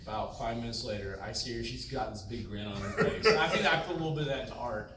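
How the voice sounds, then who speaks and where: A man on a panel telling a comic childhood story, lively and laughing, acting out the voices he quotes. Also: medium pitch, fast talker. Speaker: panel guest. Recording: echoey hall from far off, loud crowd.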